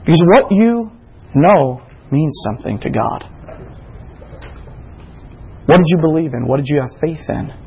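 A man preaching a sermon, reading scripture aloud and building to emphatic, animated points. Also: mid-range voice, a little slow, creaky, pauses often, dull audio, slight background noise. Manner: preaching with rising emphasis and quoted exchanges. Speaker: pastor.

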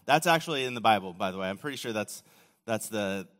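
A man preaching a sermon, telling the story casually with acted quotes, often dropping to a quiet, low voice. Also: expressive, fast talker. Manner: casual storytelling with acted quotes and sudden drops to near-whisper. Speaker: pastor. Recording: long hall reverb.

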